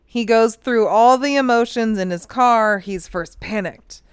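A woman recounting a case for a casual podcast, unhurried and drawn out, with a smooth, clear voice. She swears freely and laughs often. The recording is close and dry. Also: on the high side, dry recording. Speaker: podcast co-host. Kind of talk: casual true-crime chat.

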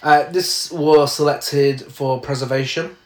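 A man's voice: on the high side, fairly even intonation, slow, a little mellow, reverberant. A man co-hosting a casual chat, reading film trivia aloud with frequent "uh"s and laughs. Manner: reads facts aloud with frequent uhs and laughs.

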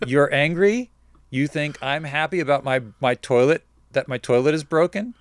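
A man's voice: a little high, unhurried, pauses often, dry recording, clean studio sound. A man hosting a casual show, telling a rambling story full of quoted back-and-forth dialogue.

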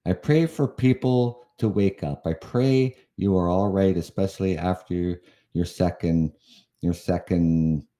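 Hosting a casual live podcast, a Canadian man in his fifties speaks in a low, warm voice at a measured pace. He often chuckles and sounds exasperated, wandering through his talk and restarting along the way.

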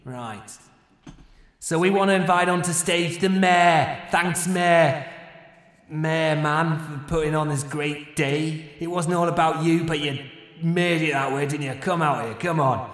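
A man's voice: a little high, measured pace, fairly bright tone, voice pushed up. A man playing a swaggering male rock frontman talking to a stadium crowd in a tabletop game, with a slightly raised voice. The sound is echoey, with a long reverb. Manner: swaggering, loose and chummy with the crowd.

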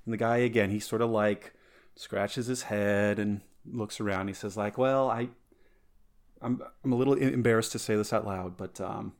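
A man's voice: fairly low pitch, fairly even intonation, normal speed. A man hosting a podcast in casual chat, rambling and easygoing, often restarting sentences. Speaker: podcast host.

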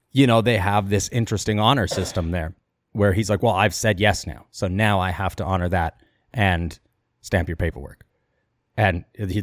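A podcast co-host with a fairly low male voice casually retells a travel story, animatedly quoting the people in it as he goes. The recording has no room sound.

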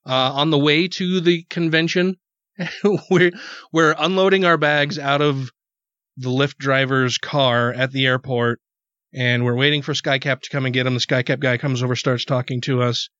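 A man's voice: mid-range voice, fairly even intonation, moderate pace, a bit bright, no echo. A man hosting a podcast, telling a rambling story in casual chat, cursing freely and repeating words when worked up. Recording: dull, dry podcast audio.

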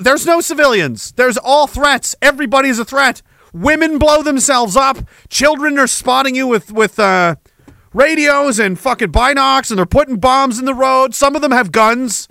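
A middle-aged man hosting a podcast, ranting with heavy profanity and jumping between war stories and shouted quotes. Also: very high voice, lively intonation, normal speed, vocal fry, no echo. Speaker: podcast host. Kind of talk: ranting monologue.

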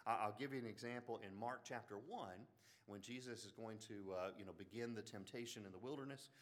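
A man with an Alabama Southern accent giving a classroom lecture on the Bible, animated, with joking asides and frequent restarts. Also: fairly low pitch, brisk. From Birmingham, Alabama.

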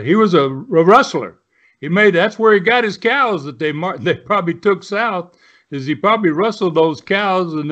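An older man in his seventies tells long stories at a loose, rambling pace, full of uh and you know. His voice sits a little high, and the audio sounds dull and lo-fi, like a remote connection. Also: a bit bright. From Southern United States. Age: 70s. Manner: rambling storyteller with many fillers. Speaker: guest, retired pro wrestler. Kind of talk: storytelling interview.

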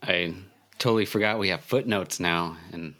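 A man's voice: sits low, normal speed, fairly bright tone. A man co-hosting a podcast over a video call, chatting casually and teasing his partner. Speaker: podcast co-host. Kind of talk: casual chat.

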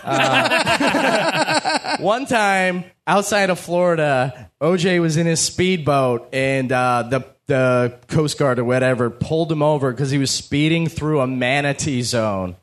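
A man's voice: fairly high pitch, slow pace. A man guesting on a comedy podcast, telling joking stories with crude humor. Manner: joking, crude, lively storyteller. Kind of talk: casual comedic banter.

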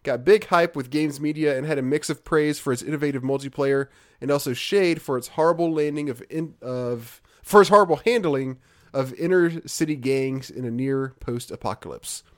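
A man's voice: mid-range voice, moderate pace. A man co-hosting a casual gaming podcast, reading listener comments aloud and chatting with fillers. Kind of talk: casual chat.

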